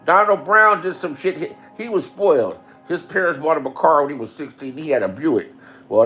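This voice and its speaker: A middle-aged man telling profane comic stories, animated, with big swings between loud and hushed, repeating lines for punch. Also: on the high side. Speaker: storyteller. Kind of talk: profane comedic storytelling.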